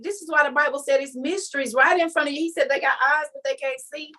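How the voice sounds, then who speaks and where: Black woman hosting a zoom faith chat, folksy, kinda high voice. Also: quick pace, hardly any pauses. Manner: animated, folksy, addresses the audience as y'all. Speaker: host of a religious study group. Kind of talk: casual preaching chat on a video call. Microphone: video call.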